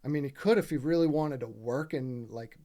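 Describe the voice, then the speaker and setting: Mellow-voiced man, casual gaming commentary, heated and profane, keeps asking the viewer to agree. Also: mid-range voice, brisk. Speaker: gaming video creator. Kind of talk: casual commentary over gameplay footage.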